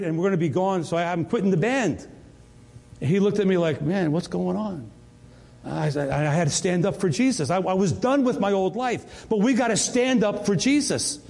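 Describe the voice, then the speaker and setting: A man's voice: high-pitched, a little mellow. An older man preaching a sermon, telling his own story and often stammering and repeating words. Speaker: pastor. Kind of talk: sermon with personal testimony. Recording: long reverb of a church hall.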